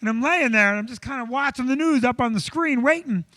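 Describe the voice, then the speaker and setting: A male comedian hosting a live show from a comedy club stage, telling an animated, self-deprecating story. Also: very high-pitched, fast.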